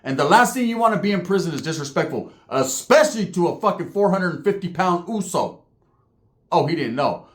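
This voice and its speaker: A man's voice: sits high, expressive, brisk. A man telling a story in a casual, streetwise, profane way, often checking in with "right?".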